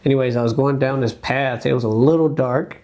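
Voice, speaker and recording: Speaking briskly at medium pitch, a young adult man from the US shares a story as a dancer guest on a podcast. He's casual and lively, filling his talk with fillers and performing the quoted lines.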